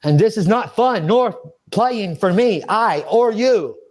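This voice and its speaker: A man being interviewed pours out an emotional monologue, his voice high, expressive, and darkish in tone at a slow pace. He wanders off track, gets worked up, swears, and talks to himself.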